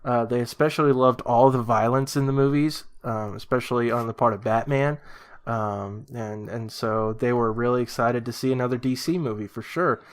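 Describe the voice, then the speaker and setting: A man co-hosting a casual comedy podcast, telling absurd stories in a deadpan way, full of ums and uhs. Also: mid-range voice, normal speed. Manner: deadpan, rambling, many fillers. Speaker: podcast co-host. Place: lives in Brazil.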